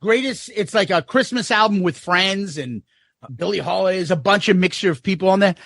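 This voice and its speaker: A man's voice: high-pitched, a little fast, vocal fry, fairly bright tone, dry recording, studio quality. A man co-hosting a podcast, rambling and joking as he talks through his favorite songs in casual chat. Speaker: podcast co-host.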